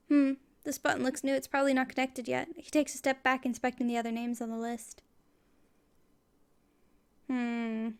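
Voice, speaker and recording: Brief: gravelly-voiced woman gamer narrating text casually. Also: a little high. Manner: casual, wry asides. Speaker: let's play gamer. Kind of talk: reading game text aloud.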